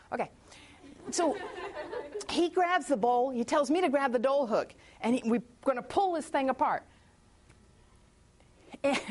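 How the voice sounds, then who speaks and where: Telling her testimony at a church gathering, a high-pitched woman spins it into a chatty story, voicing her own prayers and inner thoughts. She keeps breaking off to greet people arriving late.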